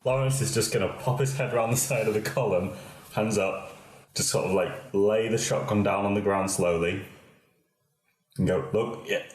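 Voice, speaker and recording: A man playing in a tabletop role-playing game, speaking calmly and reassuringly as his character. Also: on the low side, moderate pace. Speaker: player. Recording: echoey room.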